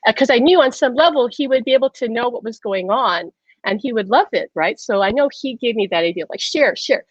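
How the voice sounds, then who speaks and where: High-voiced woman telling a lively story. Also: fairly quick, no echo, highs cut off. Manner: laughs often, retells conversations in quotes. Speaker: host. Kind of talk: animated personal storytelling.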